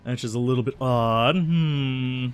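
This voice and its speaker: A man's voice: medium pitch, unhurried, clear, resonant tone, soft background music. A man hosting a let's play, musing casually over a role-playing game and reading its text aloud, with frequent ums. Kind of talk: casual gameplay commentary.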